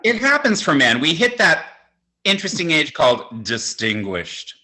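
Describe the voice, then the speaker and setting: A man's voice: on the high side, wildly swooping pitch, moderate pace, sharp tone. A man in his sixties doing a stand-up comedy set, with a campy, conversational, self-mocking delivery. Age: 60s. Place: home, virtual show.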